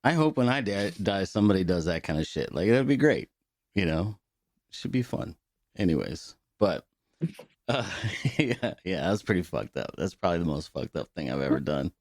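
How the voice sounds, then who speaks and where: A middle-aged man with a very low voice, chatting loosely on a podcast and swearing freely as he spins stories. The sound is dry and close, with no room around it. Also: expressive, moderate pace, darkish tone, dry recording. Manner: loose, profane storytelling with laughter. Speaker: podcast co-host. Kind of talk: casual podcast chat.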